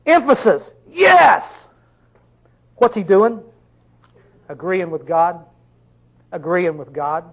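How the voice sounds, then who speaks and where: Male preacher with a high voice; sermon delivery, questioning listeners, with sudden loud emphatic bursts. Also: rough recording. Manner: reads scripture slowly and drawn out.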